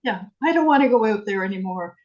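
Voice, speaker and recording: A woman on a video call, chatting casually and telling animated stories, acting out what people said. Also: medium pitch, fast. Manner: chatty, animated storytelling, acts out quotes. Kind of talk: casual chat. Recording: muffled video-call audio.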